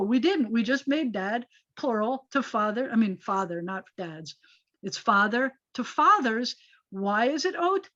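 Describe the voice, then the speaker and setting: Woman teacher, higher voice, patient and explanatory, muffled lo-fi video-call sound. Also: a little slow. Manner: patient, explanatory, animated when making a point. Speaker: rabbi teaching Hebrew. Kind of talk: online class teaching. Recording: dull lo-fi video call audio.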